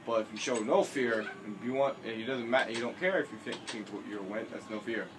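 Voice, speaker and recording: Over a noisy home recording, a teen gamer talks fast in a mid-range voice. He gives loose, rambling let's-play commentary on a building game, joking around and frequently correcting himself.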